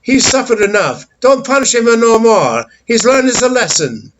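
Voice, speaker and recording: A man's voice: very high voice, sing-song, unhurried, slight background noise, voice pushed up, heavily acted, poor audio. A man voicing a kindly older Italian woman neighbor with an Italian accent, soothing and pleading.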